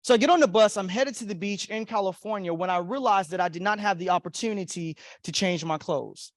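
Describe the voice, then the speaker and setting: A man giving a motivational keynote at a conference, telling a personal story with acted-out voices and big swings between loud and soft. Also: sits high, brisk, dry recording. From Florida. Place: conference hall.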